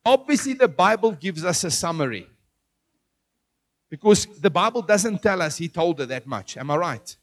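High-voiced man preaching a sermon. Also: normal speed. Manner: animated, asks the audience questions.

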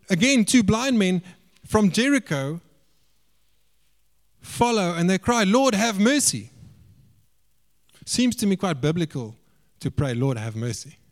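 Guy preaching a sermon, animated, goes up loud then drops way down quiet. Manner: animated, swings between raised emphatic lines and hushed low asides.

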